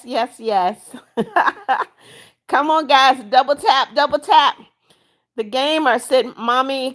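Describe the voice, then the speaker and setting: A woman's voice: sits high, a bit bright. A woman hosting a casual live stream from home, reading viewer comments aloud, greeting each viewer by name and coaxing them to like and subscribe. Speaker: livestream host.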